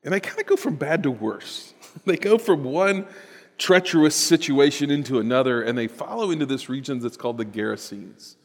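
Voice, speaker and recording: A man preaching a sermon in a church, animated and building to emphatic bursts. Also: medium pitch, normal speed. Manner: animated, rising to emphatic bursts, with chuckles and repetitions. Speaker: pastor. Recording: long reverb of a large hall.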